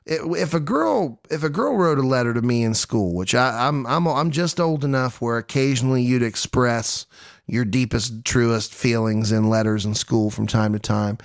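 His mid-range, gravelly voice moves with lively intonation at a moderate pace, captured in clean studio sound without echo. The podcast host, a man in his thirties, jokes and pokes fun at himself while telling a true-crime story, voicing quotes in silly impressions.

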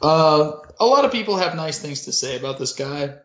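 Comedy podcast host, man, deadpan and crude, roomy lo-fi mic. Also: fairly high pitch, normal speed. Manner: deadpan, profane, mock-serious. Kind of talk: casual comedic storytelling.

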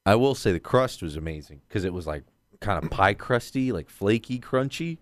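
A man's voice: fairly low pitch, moderate pace, no room sound, studio quality. A man in casual chat, telling a story with lots of swearing. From Southern California. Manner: animated storytelling, swears a lot.

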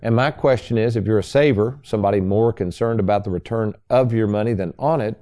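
A man's voice: on the low side, expressive, brisk, few pauses, mellow. A man hosting a radio talk show as a financial advisor, folksy and salesy, speaking to listeners as folks.

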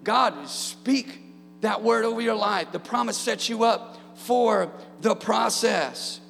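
A man in his thirties preaching a sermon in a church, calling out to the congregation and building up to shouts. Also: high-pitched, slow pace, creaky, long reverb tail, faint music behind. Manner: call-and-response preaching, rising to shouts. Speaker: pastor. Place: church sanctuary.

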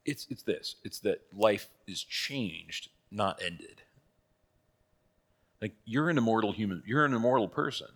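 A man's voice: lowish voice, lively intonation, unhurried, a bit bright. A man teaching a church catechism class in a casual, conversational way, asking rhetorical questions and laughing at his own asides.

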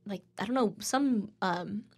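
A woman's voice: mid-range voice, measured pace, breathy edge. A woman in her twenties, a podcast co-host, chatting casually and telling rambling anecdotes full of "like" while acting out the people in them. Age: 20s.

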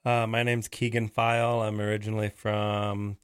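Low, smooth-voiced man, relaxed and dry. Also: normal speed, no room sound. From Washington State. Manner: relaxed and joking, with "uh" fillers. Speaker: emergency room nurse and search and rescue volunteer. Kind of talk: interview self-introduction.

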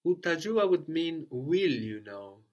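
A man's voice: a little high, very animated, takes it slowly, muffled recording. A man teaching a language lesson, patiently prompting his student and repeating her answers.

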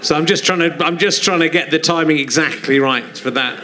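A man's voice: a little high, fairly quick, pushed and bright. A man in his forties hosting a live comedy podcast on a theatre stage, teasing his guest with dry jokes. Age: 40s. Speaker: podcast host. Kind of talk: comic interview on a live podcast.

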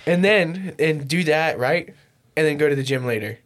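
A young man chats on his home podcast, voice pitched a little high for a man. He tells stories loosely, swearing at nearly every turn and breaking into laughter often. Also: normal speed. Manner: profane, laughing a lot, animated storytelling. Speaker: podcast host. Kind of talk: casual chat. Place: home podcast setup with a mixer.

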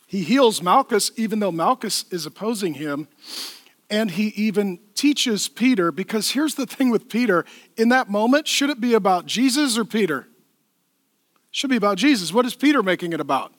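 A male pastor preaching a lively, playful sermon in a church, acting out the people in the story. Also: sits high, dry recording, clean studio sound. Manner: animated, playful, acts out voices and laughs at own jokes.

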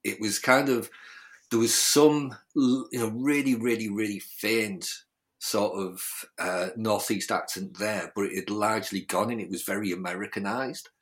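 Very deep-voiced easygoing man. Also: fairly even intonation, moderate pace. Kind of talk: casual storytelling.

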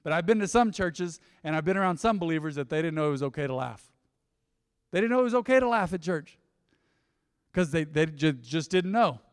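A middle-aged man preaching a lively sermon, swinging between loud exhortation and soft asides. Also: fairly high pitch, fairly quick, clean tone. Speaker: pastor. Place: church sanctuary. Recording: church hall reverb.

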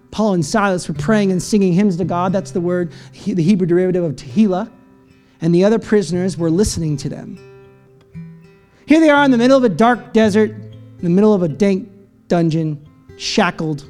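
A man preaching a sermon as pastor, moving between a low teaching tone and high, impassioned cries. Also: normal speed, a little mellow. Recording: faint guitar music behind.

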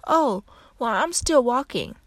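A cheerful, unbothered old grandmother who shrugs off every worry in a light, carefree tone, voiced by a young woman retelling the story. Her pitch sits a little above the teller's own, and the sound is close and dry. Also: expressive, measured pace, dry recording. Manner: breezy, carefree.

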